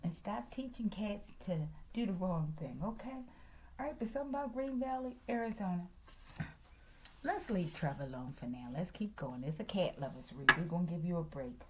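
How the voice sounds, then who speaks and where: A woman's voice: on the low side, lively intonation, normal speed, noisy background. Chatty tarot-reading woman, half-whispering. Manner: chatty, slips into whispers, says "okay" constantly. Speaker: tarot reader.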